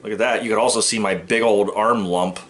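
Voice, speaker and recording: A man hosts a casual food-tasting vlog, goofy and self-mocking as he jokes about snacks. His lowish, fairly bright voice stays steady and moves fairly quickly, recorded from a distance in an echoey room with a bit of hiss or hum.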